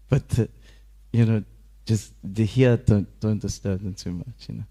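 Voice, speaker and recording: A man's voice: lowish voice, moderate pace. Laughing man telling a temple story. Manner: animated storyteller, laughs often, acts out quoted voices. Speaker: speaker giving a scripture class. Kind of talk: casual sermon storytelling.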